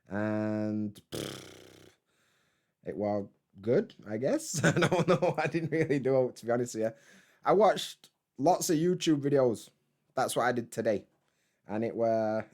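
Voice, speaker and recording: A man's voice: mid-range voice, a little mellow. A man, hosting a casual live stream from home, rambling in a laid-back way, swearing freely and answering chat.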